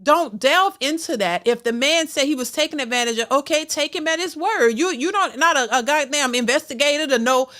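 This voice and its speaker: A woman's voice: high-pitched, brisk, few pauses, sharp tone. A woman hosting a reaction channel, giving opinionated commentary that is full of restarts and stammers.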